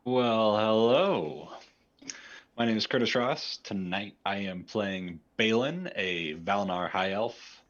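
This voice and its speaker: A man's voice: lowish voice, slow, a bit bright. A man introducing his character on a tabletop game stream, with a dry, wry humor. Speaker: player. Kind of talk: casual chat. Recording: dull lo-fi audio.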